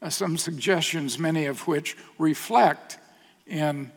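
A middle-aged man, a pastor, preaching a sermon in an earnest storytelling manner, often dropping to a soft, hushed voice. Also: fairly high pitch, slow pace, gravelly, slightly rough, big-room sound.

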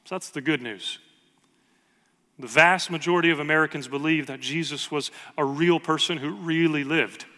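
A man's voice: on the high side, sharp tone, big-room sound. A man preaching a sermon with earnest emphasis, reading scripture aloud to his congregation. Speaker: pastor.

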